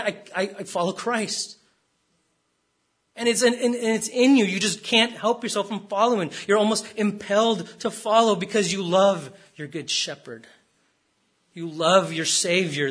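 A man's voice: high voice, normal speed, fairly bright tone, breathy edge. A man preaching a sermon as pastor, stressing words and repeating rhetorical questions.

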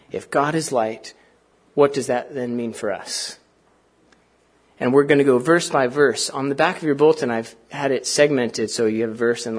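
A man preaching a sermon to a church congregation, talking in a conversational way with fillers and asides, and reading scripture aloud slowly. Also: mid-range voice. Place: church sanctuary.

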